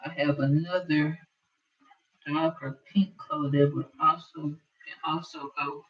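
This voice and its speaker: Slow, chatty woman quilting teacher. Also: sits low, little pitch movement, distant mic. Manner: chatty, thinks aloud while working. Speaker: quilting instructor. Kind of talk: casual sewing tutorial. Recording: dull lo-fi sound from away from the mic.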